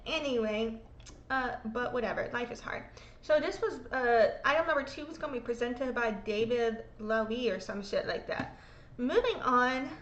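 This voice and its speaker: Woman host, high voice, echoey room, irreverent, swears, reads legal exhibits casually. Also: animated, normal speed, a bit bright, lo-fi sound, a little hiss or hum. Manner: irreverent, swears freely, self-mocking. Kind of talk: casual commentary reading court documents.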